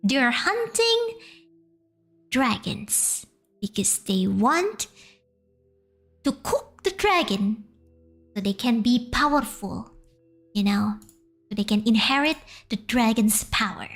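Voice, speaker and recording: A woman's voice: a little high, lively intonation, slow, pauses often, faint music behind. A young woman with an Indonesian accent, whose first language is Indonesian, hesitantly retells a folk tale on stream in English, translating as she goes.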